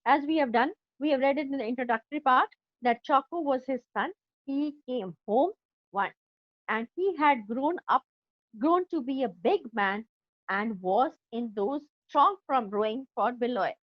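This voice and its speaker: Animated Indian English teacher, high voice. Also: female voice, moderate pace, no room sound, lo-fi sound. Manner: explains, repeats, checks with "understood?". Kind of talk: classroom lesson explaining a story. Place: classroom.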